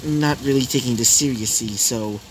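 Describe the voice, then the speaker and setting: A man's voice: mid-range voice, normal speed, slight background noise, voice pushed down, close to an everyday voice, poor audio. A man doing a shy stammering young woman.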